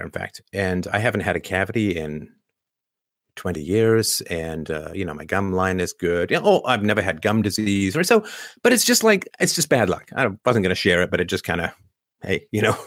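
A lower-pitched man talks straight into a close mic in a dry, dead room, with no echo at all. His host monologue rambles and restarts, and he keeps posing rhetorical questions to his listeners. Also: fairly bright tone. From Canada. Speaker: show host. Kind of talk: casual monologue commentary.

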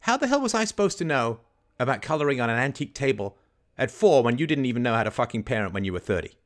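A man hosting a call-in advice show, scripting a confrontation in forceful, indignant tones with rapid rhetorical questions and swearing. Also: mid-range voice, big pitch swings. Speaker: host.

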